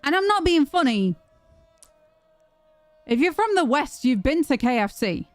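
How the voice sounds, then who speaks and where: A young British woman streaming, telling a story to her chat in a chatty, animated way with plenty of restarts. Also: sits high, measured pace, dry recording, soft background music. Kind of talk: casual storytelling to a live chat.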